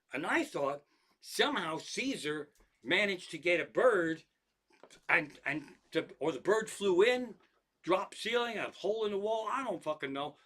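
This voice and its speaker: A man's voice: high-pitched, a bit bright. A man who is a comedian, telling rambling, profane stories about his life and cats with lots of restarts and asides. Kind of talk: stand-up style storytelling monologue.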